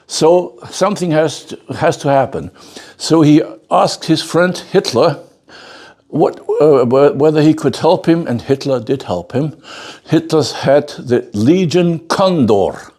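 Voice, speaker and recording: An older man with a fairly high, slightly mellow voice teaches a bonsai masterclass, lecturing to the class and telling a story with emphasis. He often restarts phrases and repeats words, checking in with his audience through a frequent "okay?".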